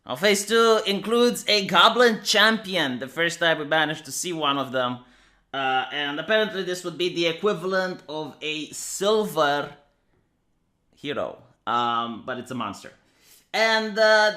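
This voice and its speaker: A man's voice: fairly high pitch, pushed and bright. A man reviewing an anime episode in casual commentary, sarcastic and profane, ranting with rhetorical questions. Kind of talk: casual commentary over clips.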